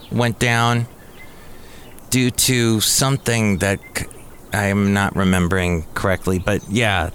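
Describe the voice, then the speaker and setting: A man's voice: medium pitch, fairly bright tone. A man hosts a podcast in a loose, rambling monologue with a mid-range voice, recorded at a cafe with faint noise behind him. He drifts from point to point and drops wry, sarcastic asides along the way. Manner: jokey, digressive, sarcastic asides. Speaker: podcast host.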